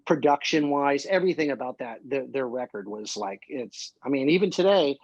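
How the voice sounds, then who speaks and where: A male musician guest from Ohio, telling excitable, rambling stories full of fillers in a casual interview. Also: mid-range voice, normal speed, dry recording, highs cut off. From Columbus, Ohio.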